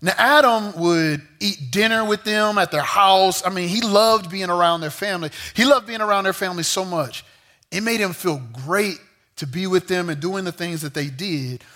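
A man preaching a sermon to a young crowd, telling a story with lively, joking asides. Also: high voice, moderate pace. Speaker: youth pastor.

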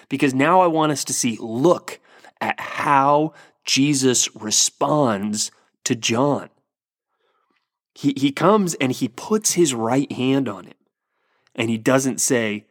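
A man's voice: a little high, dry recording, clean studio sound. A man preaching a sermon, earnest and emphatic, often restarting his words as he builds to a point. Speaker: pastor.

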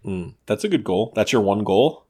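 Young guy podcast co-host, lowish voice, jokey and sweary. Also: lively intonation, normal speed, darkish tone, breathy edge. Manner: joking, teasing, sweary. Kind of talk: casual chat.

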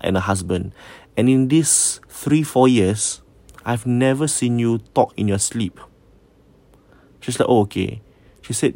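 A man with a Singaporean accent casually retelling a ghost story, switching between English and Malay, jumping up in pitch when quoting and dropping to a hush at the eerie parts. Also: no room sound. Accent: Singaporean Malay-English mix. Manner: code-switching, animated when quoting, trailing hushed asides. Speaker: storyteller host.

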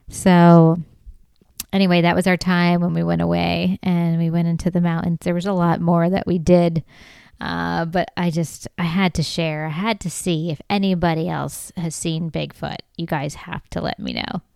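A woman's voice: fairly low pitch, flat delivery, moderate pace, creaky, a little mellow, clean tone, dry recording, clean studio sound. A middle-aged woman hosting a comedy podcast, telling a story in a casual way and laughing often as she talks. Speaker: podcast host.

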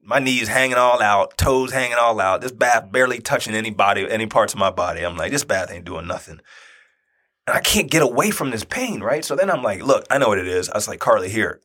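Husky man in his forties telling a story. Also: on the low side, quick pace, hardly any pauses. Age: 40s. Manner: conversational, animated, often checks in with "right?". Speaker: speaker and youth basketball coach. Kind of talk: personal storytelling talk.

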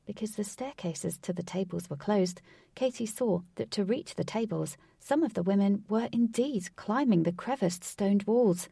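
Expressive woman storyteller, gravelly voice, dry close mic. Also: mid-range voice, normal speed, no echo. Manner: expressive, voices each character. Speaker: narrator. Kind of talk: storybook reading.

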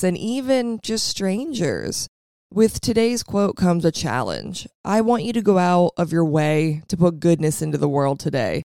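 A young adult woman with a raspy voice and a valley girl lilt, hosting a podcast in a casual, reflective monologue. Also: lowish voice, warm tone, dry recording, clean studio sound. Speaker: podcast host.

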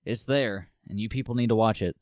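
A man's voice: lowish voice, fairly quick, a little mellow, no echo. A man co-hosting a podcast, chiming in casually with dry, laid-back quips. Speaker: podcast co-host.

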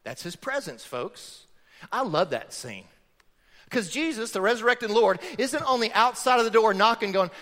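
Male pastor, high and animated, emphatic preaching style, long reverb of a big sanctuary. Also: moderate pace. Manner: emphatic, rhetorical questions to the congregation. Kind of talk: sermon. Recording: long reverb of a large hall.

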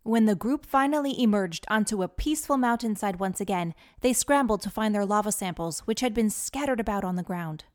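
A woman narrating a children's adventure story in a lively, clear manner. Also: medium pitch, brisk, hardly any pauses.

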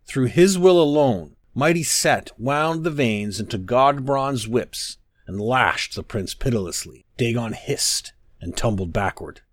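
Man, solemn sermon reading, declamatory, medium pitch, dry close sound. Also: dry recording. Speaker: narrator.

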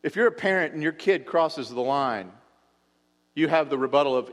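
A man's voice: a little high, expressive, a little slow. Impassioned male pastor in a reverberant hall. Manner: impassioned, voice rising and dropping for emphasis. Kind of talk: sermon.

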